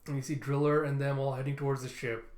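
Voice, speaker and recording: A man casually narrating his way through a comic book, paraphrasing panels as he goes. His voice sits at a middle pitch. The recording has a roomy echo. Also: level tone, fast, a little mellow.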